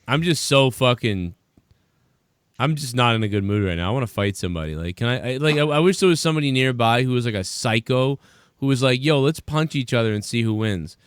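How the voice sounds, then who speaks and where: A man's voice: medium pitch, a little fast, clear, resonant tone, no room sound, studio quality. A man in his thirties hosting a casual chat, telling a bar story full of swearing and acted-out quotes. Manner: profane, animated storyteller acting out quotes. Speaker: podcast host.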